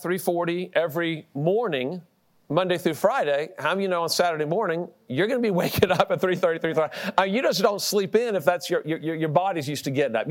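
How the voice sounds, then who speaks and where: A middle-aged man preaching a sermon, telling a personal story with lively delivery, repeating words and laughing at himself. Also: on the high side.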